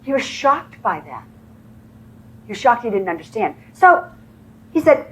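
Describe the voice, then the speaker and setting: A woman's voice: a little high, very animated, a little slow, pauses often, a bit bright, poor audio. A woman training real estate agents, telling stories and acting out the dialogue in a motivational presentation. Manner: storytelling, acts out quoted dialogue. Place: conference room before a live audience.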